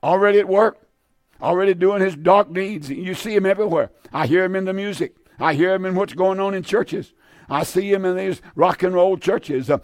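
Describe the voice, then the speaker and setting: A man's voice: sits high, no room sound, clean studio sound. A man preaching and praying on his radio program, fervent and pleading, with heavy repetition. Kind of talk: radio sermon and prayer.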